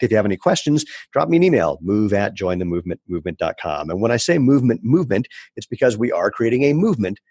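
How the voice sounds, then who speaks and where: A man's voice: on the low side, a little mellow, dry recording. A man hosting a podcast, chatting casually and joking with his guest. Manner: jokey, quick, laughs often. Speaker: podcast host. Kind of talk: casual interview chat.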